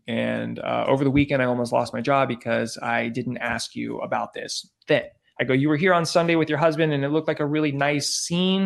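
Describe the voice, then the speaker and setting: A man, a podcast guest, casually telling an animated story and acting out the dialogue, peppered with "like" and "I go". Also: medium pitch, vocal fry. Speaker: podcast guest, former celebrity news field producer.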